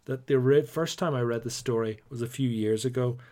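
A young man with a Northern Irish accent, co-hosting a podcast in a chatty, animated way. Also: mid-range voice, brisk. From Northern Ireland. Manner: chatty, animated storytelling with playful put-on voices. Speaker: podcast co-host. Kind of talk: casual chat.

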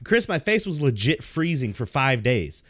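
Man, lively swinging voice, cursing, laughing, dry close mic. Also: mid-range voice, normal speed, no echo. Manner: laughing storyteller, swears freely. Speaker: podcast co-host. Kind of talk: casual chat.

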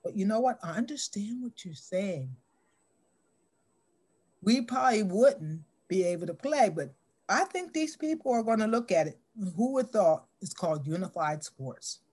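A middle-aged woman telling a story in an interview, acting out the dialogue with lively shifts in voice. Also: mid-range voice, normal speed.

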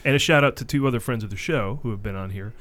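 A man co-hosting a movie chat show, joking and tossing in quick asides. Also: mid-range voice, fairly bright tone. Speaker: co-host. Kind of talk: casual chat.

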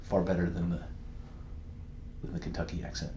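Man, podcast co-host, rambling animated storyteller; roomy, slightly muffled recording. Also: deep voice, normal speed, a little hiss or hum. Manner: rambling, animated storyteller who laughs easily. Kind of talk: casual podcast chat.

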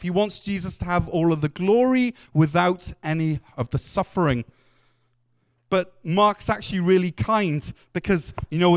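A man's voice: on the high side, clean tone. A man preaching a sermon, telling the story earnestly and acting out the quotes. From Wales.

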